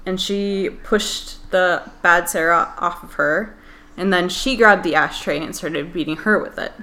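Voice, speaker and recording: A woman with a lowish voice and a sharp tone speaks at a measured pace. She's a podcast co-host retelling a story in casual chat, a chatty storyteller who leans heavily on fillers like "like" and "um."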